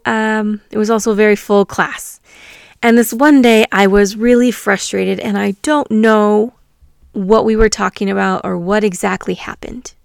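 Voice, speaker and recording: A woman, a teacher, telling a personal story from her classroom in a reflective, earnest way, pausing often. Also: medium pitch, creaky, clean tone, dry recording, studio quality. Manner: reflective, earnest, with pauses and fillers.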